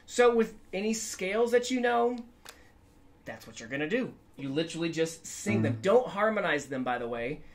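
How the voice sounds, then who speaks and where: A man's voice: sits high, very animated, moderate pace. A man giving a casual guitar lesson in an upbeat, chatty way, now and then singing notes to show the method. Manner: upbeat, chatty, sings scales to demonstrate. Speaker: guitar teacher.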